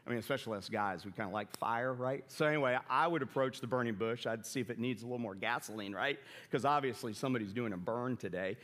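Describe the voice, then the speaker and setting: Middle-aged pastor in a reverberant church. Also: male voice. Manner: animated, acts out quoted lines with big pitch jumps. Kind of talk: sermon. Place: church sanctuary.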